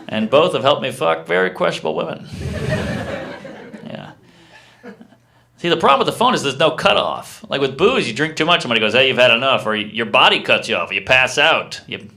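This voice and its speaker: A man doing a stand-up comedy set in a live club, delivering deadpan one-liners with quick asides to the crowd. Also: medium pitch, gravelly.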